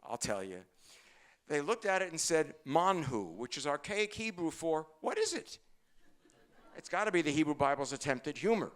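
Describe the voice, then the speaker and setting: An older man, a rabbi giving a humorous sermon, talking fast and telling stories with jokes. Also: a little high. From Brooklyn, New York. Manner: fast-talking, joking, animated storytelling.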